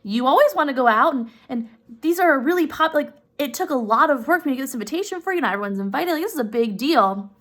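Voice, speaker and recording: A woman's voice: sits high, lively intonation, fast talker, fairly bright tone. A woman voicing an eager young husband who stammers and pleads. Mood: pleading.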